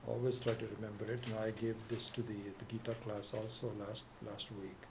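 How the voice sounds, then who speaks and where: Against a noisy background, a spiritual teacher leads a scripture class, telling a story with halting restarts and acting out its quoted voices. He has a lowish voice with little pitch movement.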